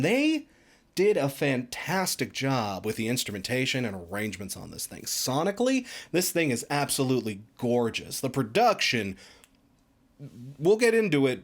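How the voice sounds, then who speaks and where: A man giving a casual, chatty album review with emphatic asides. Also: mid-range voice. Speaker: music reviewer.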